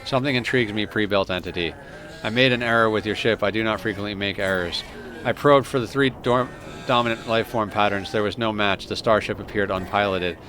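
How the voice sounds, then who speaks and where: A man's voice: lowish voice, fairly bright tone, faint music behind, close to an everyday voice. Man reading as a formal alien machine. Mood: curious. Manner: reads game dialogue aloud, stiff and deliberate.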